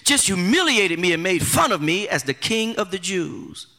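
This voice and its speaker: A man acting out a calm, laid-back man who quietly recounts being beaten, in a low, quiet drawl. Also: normal speed, big-room sound, heavily acted. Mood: unbothered.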